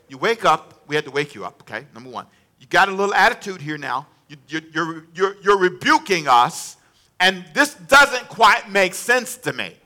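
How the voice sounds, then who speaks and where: A man preaching a sermon with a high, very bright and forceful voice. He works the congregation with call-and-response questions and acts out dialogue, swinging between near-whispers and loud bursts. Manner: acts out dialogue with varied volume.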